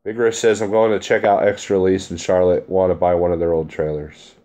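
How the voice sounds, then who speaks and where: A man's voice: sits low, flat delivery, fairly quick, mellow. Blunt, chummy male trucker streamer. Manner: blunt, chummy, laughs easily. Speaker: truck driver streaming live, reading chat. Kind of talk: casual live-stream chat.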